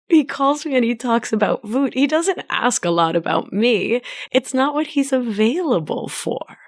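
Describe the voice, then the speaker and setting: A woman hosting her own podcast as a life coach, speaking in a gentle, affectionate coaching tone. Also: a little high, animated, moderate pace, hardly any pauses. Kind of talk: solo podcast monologue.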